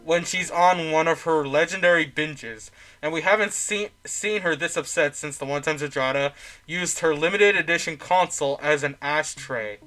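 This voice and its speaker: A man voicing a trio of helpful female demon hounds in a game, giving calm, matter-of-fact advice. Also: a little high, moderate pace, soft background music.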